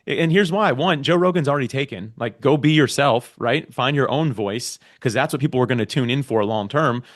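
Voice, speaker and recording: A man talking as a guest on a podcast, his words tumbling out at a quick clip. He is emphatic and animated, pressing his points in relaxed conversation. He records from his own home podcast studio. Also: mid-range voice. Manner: emphatic, animated advice-giving. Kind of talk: casual interview chat.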